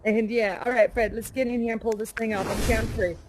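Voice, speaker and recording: A woman's voice: a little high, fairly even intonation, brisk, slight background noise, lightly acted. An actress playing a plucky, adventurous woman aviator of the 1930s, leading a live audience with folksy, hearty storytelling. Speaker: live actor in a virtual reality theater show. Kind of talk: interactive theatrical role-play with an audience.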